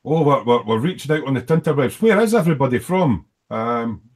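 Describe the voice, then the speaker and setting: A man's voice: mid-range voice, expressive, brisk, background noise. A man with an Edinburgh Scottish accent hosts a casual live video hangout from home. His voice sits in an ordinary middle register. He rambles cheerfully, reading viewer comments and tossing in teasing jokes. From Scotland. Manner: jokey and rambling, with teasing asides. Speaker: host of a live online hangout.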